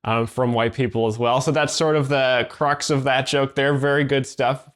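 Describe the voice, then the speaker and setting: Dry deadpan dude explaining jokes, lots of um and uh, regular pitch. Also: male voice, normal speed, noisy background. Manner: deadpan, hesitant, many fillers and restarts. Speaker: joke explainer. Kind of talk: deadpan commentary.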